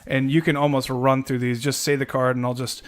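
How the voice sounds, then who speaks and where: A man's voice: medium pitch, level tone, brisk. A man co-hosting a podcast, casually walking through how a card game deck works with plenty of fillers. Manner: explains card rules step by step, with many fillers. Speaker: podcast co-host.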